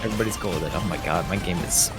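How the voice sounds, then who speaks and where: A man's voice: low-pitched, racing, over loud music. A man playing a game as a guest, bantering casually with crude teasing jokes. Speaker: co-op guest player.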